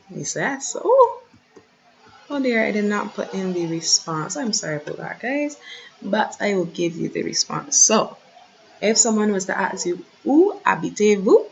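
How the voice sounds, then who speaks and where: Lady teaching french online, low voice, muffled lo-fi mic. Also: creaky, slight background noise. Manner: patient, repeats words slowly for pronunciation. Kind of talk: online lesson over shared slides.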